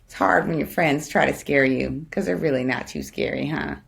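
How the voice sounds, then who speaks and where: A woman's voice: low voice, moderate pace, gravelly, husky. A woman reading a picture book aloud to children, with playful, chatty asides. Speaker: guest storybook reader.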